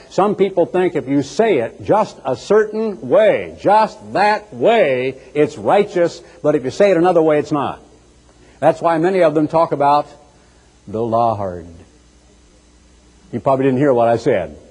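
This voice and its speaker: A man preaching a sermon in an animated, teasing way, acting out mocking voices as he goes. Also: on the high side, moderate pace, slightly rough. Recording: echoey hall with long reverb.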